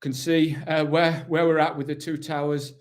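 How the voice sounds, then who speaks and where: A proud, weary warrior-captain, put on by a man answers questions live. His voice sits fairly high. He rambles in a dry, mock-solemn way and keeps justifying himself. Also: level tone, normal speed, natural voice. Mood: chatty. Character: proud weary male warrior-captain of a kingdom, self-serving. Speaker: impressionist taking live questions in character. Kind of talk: live-stream in-character Q&A.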